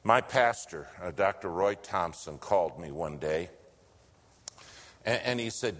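A man preaching a sermon, telling a story and swinging between loud lines and hushed whispers. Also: low voice, normal speed. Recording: long hall reverb.

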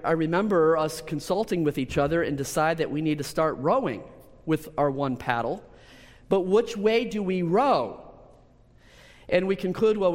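A man preaching a sermon, telling a personal story with lively repetitions and restarts. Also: a little high. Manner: storytelling, animated, with repeated words and restarts. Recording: long hall reverb.

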